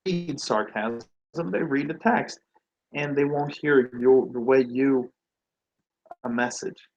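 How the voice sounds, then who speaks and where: A man's voice: mid-range voice, slow pace, darkish tone, lo-fi sound. A man giving a motivational talk on branding and sales, asking the listener rhetorical questions and acting out quoted reactions. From Nordic.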